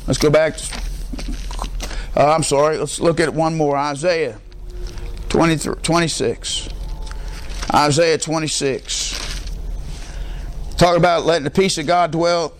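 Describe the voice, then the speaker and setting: A middle-aged male pastor preaching with emphasis, often asking the congregation to fill in the words. His voice sits a little high for a man. A faint hiss runs under the recording. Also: fairly even intonation, measured pace, long pauses. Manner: emphatic, asks the congregation call-and-response questions. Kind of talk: sermon.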